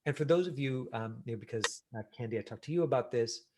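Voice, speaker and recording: A middle-aged man teaching an online acting class over a video call, talking casually with lots of fillers and lively examples. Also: mid-range voice, fast, noisy background. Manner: casual, animated, many fillers.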